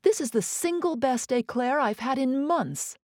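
A woman voicing a decisive, amused cookbook writer, pitched a little above her own narration and recorded dry and close. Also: lively intonation, unhurried, darkish tone, no room sound, full character voice. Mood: delighted.

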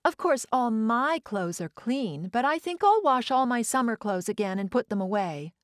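A woman voicing a prim, easily frightened young girl with a shrill, high child voice. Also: animated, normal speed, no echo, clean studio sound, natural voice. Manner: shrieking in alarm, prim and superior.

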